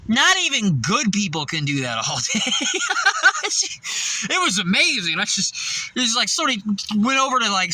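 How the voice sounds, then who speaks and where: A man's voice: high-pitched, sharp tone, rough recording. A man telling a casual, profane story about coworkers, laughing often and acting out their voices. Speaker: fast-food worker venting.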